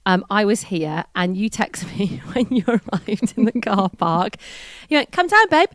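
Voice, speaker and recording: A woman's voice: medium pitch, a little slow, dry recording, studio quality. A woman co-hosting a podcast in casual chat, chiming in often. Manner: chatty, laughs often, chimes in. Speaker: podcast co-host. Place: hotel room.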